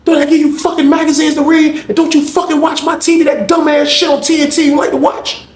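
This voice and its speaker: A man's voice: very high-pitched, level tone, quick pace, echoey room, pitched above the performer's own voice. A man voicing a domineering male inmate who barks repeated orders and curses. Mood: indignant. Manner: commanding, cursing, repeating orders.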